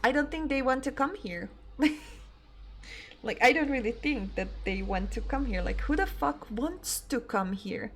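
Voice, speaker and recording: A woman's voice: a little high, lively intonation, a little slow, a little hiss or hum. A young woman whose first language is not English, chatting casually and swearing freely as a game streamer. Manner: chatty, swears often, laughs easily. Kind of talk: casual live-stream chat.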